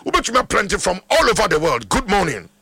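Fervent Ghanaian pastor, high gravelly voice. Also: male voice, sing-song, fast talker, bright, forceful tone. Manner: fervent, sing-song declarative praying. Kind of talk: radio call-in prayer.

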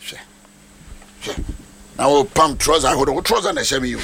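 A man, a pastor delivering a sermon with prophetic declarations, animated and shouting, mixing English phrases into Twi. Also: medium pitch, brisk, a loud crowd.

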